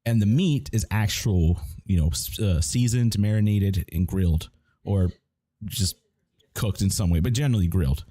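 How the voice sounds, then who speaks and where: Male streamer, low and mellow, loose profane storytelling, dry close mic. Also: moderate pace, slightly rough, no echo. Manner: rambling, profane storytelling with restarts. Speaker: gamer chatting on stream. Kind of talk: casual chat while gaming.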